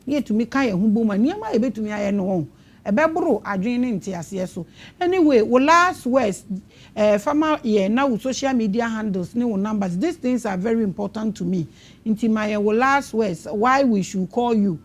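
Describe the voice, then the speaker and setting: A woman's voice: on the high side, expressive, a little fast, darkish tone. A Ghanaian woman hosting an interview, talking animatedly and switching between English and Twi. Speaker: show host.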